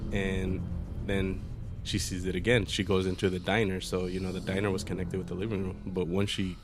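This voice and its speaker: A man's voice: deep voice, little pitch movement, a little fast, background noise. A man casually telling a ghost story among friends, swearing and repeating himself often. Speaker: podcast co-host.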